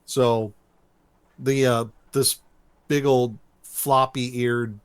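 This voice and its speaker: A man co-hosting a podcast, recapping a cartoon episode in rambling, animated casual chat. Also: mid-range voice, very slow, clean tone, dry recording. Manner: rambling, animated storytelling with laughs. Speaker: podcast co-host.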